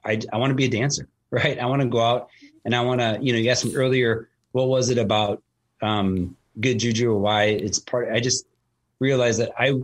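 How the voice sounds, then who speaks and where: A man talking casually as a host, telling a long story with lots of fillers and restarts. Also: mid-range voice. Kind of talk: casual conversation.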